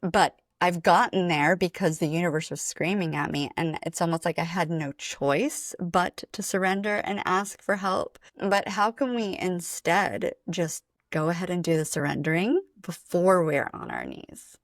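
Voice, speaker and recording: A woman speaking slowly, with a low voice. She is a spiritual coach talking as a podcast guest, gentle and measured. Her voice is recorded dry and close, with no room echo. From Atlanta, USA. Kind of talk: reflective interview talk.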